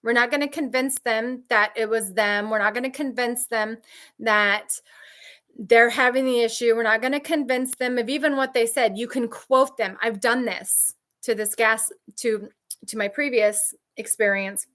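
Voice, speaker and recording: A woman's voice: fairly even intonation, moderate pace, a bit bright. A woman coaching trauma survivors in a candid, emphatic talk, repeating key phrases and answering viewers. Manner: mimics others' voices in high shrill outbursts.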